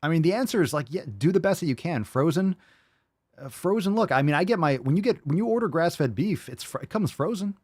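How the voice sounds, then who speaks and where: A man's voice: on the high side, lively intonation, a little fast, a little mellow, slightly rough, no room sound. Man, podcast host, casual rambling call-in talk, profane, dry close sound. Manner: loose, rambling and profane, with many fillers. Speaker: podcast host answering listener calls and questions.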